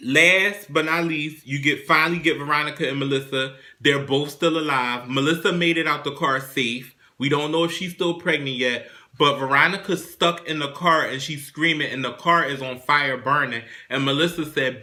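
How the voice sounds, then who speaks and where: A young man hosting his own show, casually recapping a TV drama episode in a chatty, animated, profane way. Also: a little high, normal speed. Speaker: show host reviewing a TV drama.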